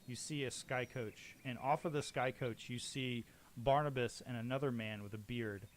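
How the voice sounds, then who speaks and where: A man's voice: medium pitch, fairly even intonation, normal speed, slight background noise. Guy running a tabletop game, loose rambling narration. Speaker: game master.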